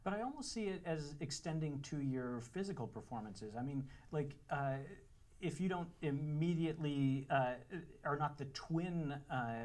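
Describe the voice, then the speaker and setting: A man's voice: a little high, darkish tone. A man moderating a cinema Q&A who asks long, rambling questions and hesitates while he searches for words. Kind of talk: panel questions. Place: cinema auditorium with audience.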